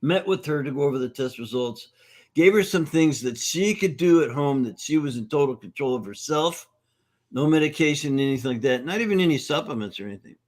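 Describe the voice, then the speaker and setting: A middle-aged man, a nutrition course founder, talking in a conversational interview at a conference event. He is an upbeat, animated storyteller who acts out the voices of the people in his stories. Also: a little high, a little fast.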